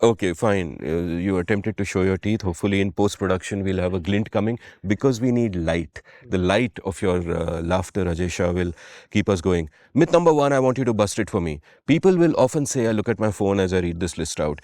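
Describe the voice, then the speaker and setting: A man with an Indian English accent talks economics on a podcast in a lowish voice. He is emphatic and punchy, driving his points home in a conversational way. The sound is dry and close, with no room echo. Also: expressive, a little fast, darkish tone. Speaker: podcast co-host. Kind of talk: casual economics discussion.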